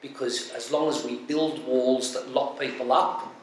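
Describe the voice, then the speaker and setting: A man's voice: mid-range voice, fairly even intonation, measured pace. A man with an Australian accent speaking on a public panel, impassioned and emphatic, repeating phrases for force. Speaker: panelist, charity advocate. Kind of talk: public panel talk with storytelling. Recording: echoey hall from far off, faint noise.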